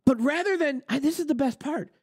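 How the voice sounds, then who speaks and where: Fairly quick and very high, this man's voice comes through in clean studio sound without echo. Hosting a trucking talk channel, he rants his opinions with heated sarcasm, curses, and mocks others by putting on quotes.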